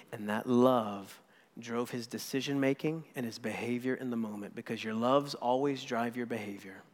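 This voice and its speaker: A man, a pastor in his thirties, preaching a sermon with earnest emphasis that swings between loud points and soft near-whispers. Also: mid-range voice. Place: church sanctuary. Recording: long hall reverb.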